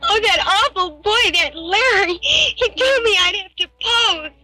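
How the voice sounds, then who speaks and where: A naive teenage girl with a very high, bright voice. She speaks slowly, timid and pleading, in 1960s film style. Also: lively intonation, heavily acted, poor audio. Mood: tearful.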